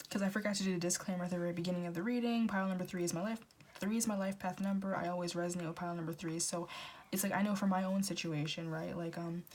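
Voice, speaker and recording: A young woman in her twenties talks through a pick-a-card tarot reading with a lowish voice. She is blunt and rambling, stumbling over restarts and fillers and swearing freely. A faint hiss sits under her voice. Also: a little mellow. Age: 20s. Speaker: tarot reader.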